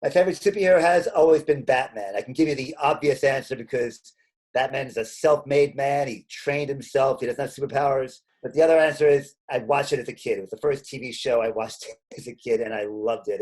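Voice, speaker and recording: A man's voice: medium pitch, darkish tone. A middle-aged man answers interview questions casually, often restarting and correcting himself mid-sentence. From Staten Island, New York. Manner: halting, with frequent restarts and self-corrections. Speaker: interview guest, comedian.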